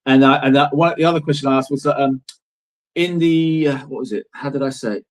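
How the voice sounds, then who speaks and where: A man's voice: mid-range voice, a little fast, rough recording. Rambling, swearing man telling stories. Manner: rambling, emphatic, swears freely. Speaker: interview guest. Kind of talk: casual storytelling in an interview.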